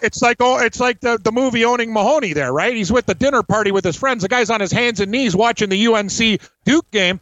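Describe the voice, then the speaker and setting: A man with a high voice talks loosely on a sports betting show. He tells stories with a grin and slips into other people's voices for the quotes. The sound is dry and close to the mic. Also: quick pace, few pauses, dry recording, highs cut off. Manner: joking, animated storyteller who acts out quotes. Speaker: co-host. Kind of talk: casual chat.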